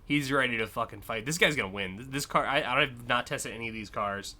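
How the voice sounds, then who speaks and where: A man's voice: medium pitch, fairly quick, pushed and bright. A man streaming live, casually and enthusiastically judging car designs, with frequent fillers and swearing.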